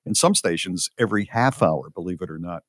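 An older man, a podcast co-host who used to be a radio disc jockey, tells a story in casual chat full of fillers and restarts. He sounds low-pitched and expressive, speaking fairly quickly, in studio-quality audio with no echo.

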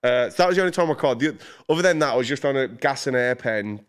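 A man telling an animated story as a podcast guest, swearing and laughing as he goes. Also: mid-range voice, quick pace, smooth. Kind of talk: casual chat, storytelling.

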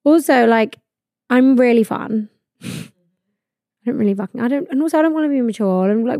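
A woman's voice: on the high side, fairly quick, long pauses, warm tone, no room sound, studio quality. A young woman, hosting a podcast in blunt, sweary casual chat full of "like". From England. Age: 20s. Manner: blunt, sweary, laughing, lots of "like". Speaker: podcast host.

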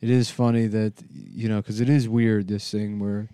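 A man's voice: lowish voice, flat delivery, normal speed, mellow, clean tone, no room sound, clean studio sound. A man co-hosting a crude comedy podcast, rambling and restarting as he builds a bit. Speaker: podcast co-host.

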